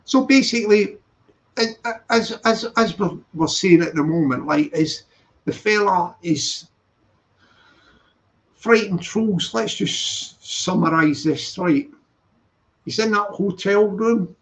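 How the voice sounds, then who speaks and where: Hosting his channel's casual live stream, this man talks slowly in a high voice, pausing often. His delivery wanders, he keeps correcting himself, and he breaks off to read chat messages aloud, all captured in dull lo-fi sound.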